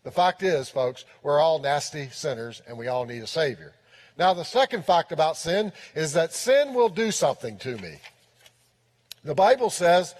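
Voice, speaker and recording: A man with a high voice preaching a sermon with emphasis and repeating his points for weight. He is recorded in a church with a long, lingering reverb. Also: very animated, moderate pace, a little mellow. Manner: emphatic, repeats key phrases. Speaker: pastor.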